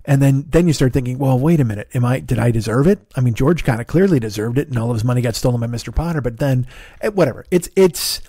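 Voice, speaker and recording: A middle-aged man hosting his podcast alone, with a hoarse, tired throat, rambling casually with profane, self-deprecating asides. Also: medium pitch, lively intonation, quick pace, dark tone, no room sound, studio quality. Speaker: podcast host. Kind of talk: casual solo podcast chat. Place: home studio in Los Angeles.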